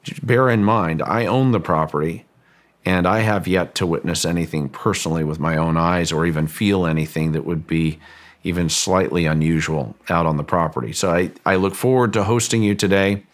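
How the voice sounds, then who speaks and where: A man's voice: sits low, normal speed. A man, a guest on an interview show, telling a long story with frequent restarts and fillers, raising his voice when he acts out quoted lines. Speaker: guest, ranch owner.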